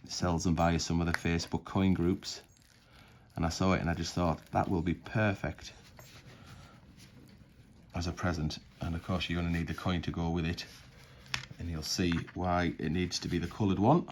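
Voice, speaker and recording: A man's voice: low-pitched, level tone, normal speed, a little hiss or hum. A man musing aloud in a casual unboxing commentary, chatty and tripping over words. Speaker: coin collecting vlogger.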